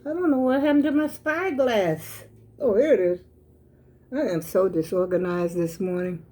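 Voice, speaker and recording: A woman's voice: medium pitch, moderate pace, mellow. An older woman, chatting casually with viewers in her home kitchen, folksy and talkative. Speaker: vlogger.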